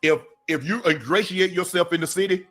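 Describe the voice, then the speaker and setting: A man's voice: high voice, brisk, fairly bright tone, soft background music. A middle-aged man, a former football player, co-hosting a casual sports talk show and making emphatic points that often start with repeated words.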